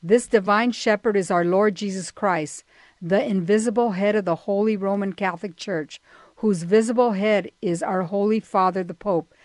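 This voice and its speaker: A woman co-hosting a talk show, reading a story aloud in a steady way and murmuring agreement. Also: medium pitch, normal speed, dry recording. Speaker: co-host.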